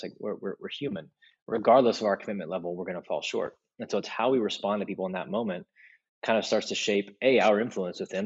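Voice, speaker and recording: A middle-aged man talks as a podcast guest, husky and fairly low-pitched. The recording is dull and lo-fi. He tells stories in a relaxed, animated way. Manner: animated, acts out quoted voices in stories. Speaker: podcast guest, leadership speaker. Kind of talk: casual interview storytelling.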